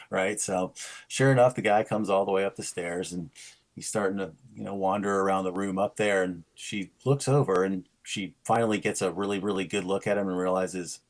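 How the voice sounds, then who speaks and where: A man's voice: deep voice, fairly quick. A man co-hosting a casual podcast, telling a rambling anecdote and acting out the quoted lines. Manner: rambling storyteller who acts out quoted lines. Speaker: podcast co-host.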